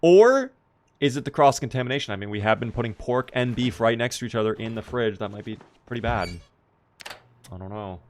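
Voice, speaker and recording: A man's voice: fairly low pitch, steady tone, quick pace. A man casually commenting on his gameplay on a live stream, chatty and playful, joking with his chat.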